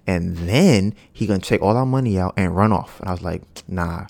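Slangy, animated man telling a story. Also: a little fast, creaky. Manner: animated, acts out quoted dialogue with rising pitch; loose slangy speech with frequent fillers. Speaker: podcast host. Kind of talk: casual storytelling monologue.

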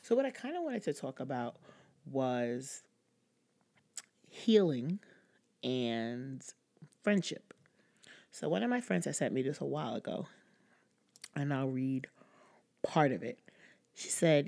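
A woman's voice: rumbling low, very animated, slow pace, pauses often, darkish tone. A young woman hosting a personal podcast, talking candidly and casually with fillers and the odd laugh. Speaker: podcast host.

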